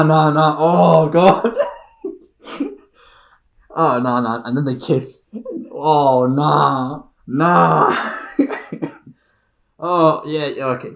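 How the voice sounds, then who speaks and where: A man's voice: fairly high pitch, very slow, vocal fry, pauses often. A man giving a casual reaction commentary on a film, laughing often and repeating his exclamations. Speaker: reaction video creator.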